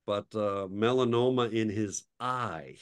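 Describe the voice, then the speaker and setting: A man's voice: on the low side, a little slow, clean tone. A middle-aged man co-hosting a photography talk show, telling stories in casual chat, chuckling often and turning wistful when he remembers old friends. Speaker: podcast co-host.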